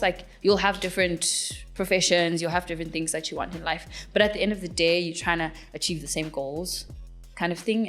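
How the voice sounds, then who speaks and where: A young woman from Zimbabwe, a singer-songwriter, answering interview questions in a chatty, giggly way with lots of fillers. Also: lowish voice.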